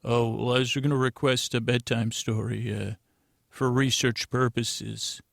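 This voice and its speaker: A man's voice: medium pitch, level tone, a little slow, vocal fry, no echo, studio quality. A man playing a bumbling fake anthropologist who stammers meekly through a request. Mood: pleading. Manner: stammering, hesitant, meek.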